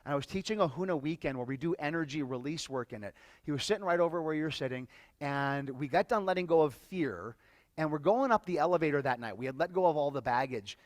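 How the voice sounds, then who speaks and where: Man, somewhat high voice, emotional storytelling to an audience, halting delivery, dry close sound. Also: dry recording. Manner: emotional, halting, repeats words. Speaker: workshop speaker. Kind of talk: personal storytelling to a live audience.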